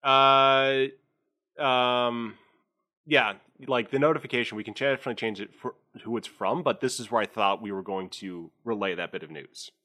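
A man's voice: medium pitch, normal speed, sharp tone. A man running a tabletop game as game master, narrating with a rambling, filler-heavy manner.

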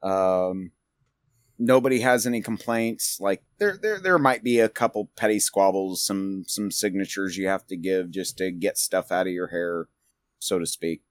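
A man's voice: low-pitched, lively intonation, measured pace, no room sound. Man, game master, rambling narration, dry sound. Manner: rambling, many fillers and restarts.

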